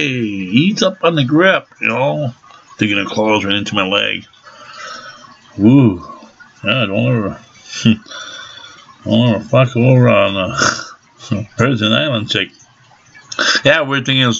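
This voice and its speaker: Gravelly man, low voice, rambling profane storytelling, dull lo-fi recording. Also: sharp tone. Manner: profane, rambling, many fillers and restarts.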